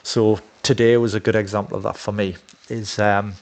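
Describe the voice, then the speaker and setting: A man's voice: fairly low pitch, level tone, moderate pace. A man talking in a casual, rambling monologue, blunt and profane with many fillers. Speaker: dating coach.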